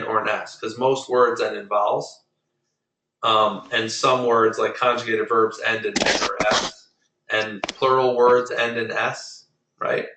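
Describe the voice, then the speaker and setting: A man's voice: lowish voice, roomy sound, distant mic, background noise. A man teaching Spanish to an online class, patiently explaining rules step by step and drilling pronunciation.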